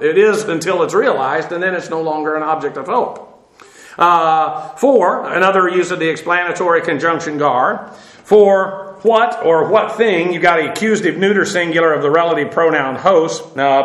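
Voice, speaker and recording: A man teaching a Bible passage verse by verse, halting with many fillers and spelling out Greek words letter by letter. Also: fairly high pitch, fairly bright tone, reverberant, rough recording.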